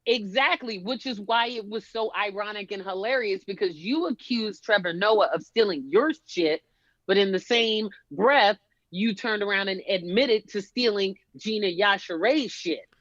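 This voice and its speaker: A woman stand-up comedian in casual chat, telling animated stories and acting out the voices of the people she quotes. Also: mid-range voice, unhurried, no room sound. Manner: animated storytelling, acts out quotes. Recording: dull lo-fi sound.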